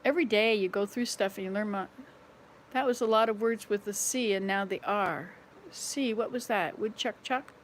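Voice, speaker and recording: Walking through her house room by room, this sixty-something vlogger chats in a rambling, playful way and laughs whenever she trips over her words. She speaks at a moderate pace in a mid-range voice, with a faint hiss or hum in the background.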